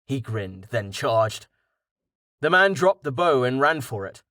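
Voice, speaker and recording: Reading an audiobook script, a man keeps his delivery measured yet expressive in a mid-range voice. There's no room sound, just clean studio audio.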